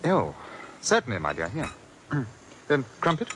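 An actor playing a gallant, stammering lord in a 1940s radio drama. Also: male voice, mid-range voice, wildly swooping pitch, a little slow, a bit bright, slight background noise. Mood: courtly. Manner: fussy and stammering. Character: gallant, flustered English lord in love.

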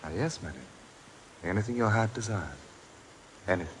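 An actor playing a gallant, stammering lord in a 1940s radio drama. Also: male voice, lowish voice, lively intonation, moderate pace, slight background noise, close to an everyday voice. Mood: courtly. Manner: fussy and stammering. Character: gallant, flustered English lord in love.

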